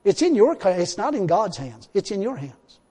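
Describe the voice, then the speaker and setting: A man's voice: sits high, big pitch swings, normal speed, dark tone, slightly rough. Emphatic preacher man in a reverberant hall. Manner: emphatic, repetitive, punctuated with laughs and "Hallelujah". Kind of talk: sermon.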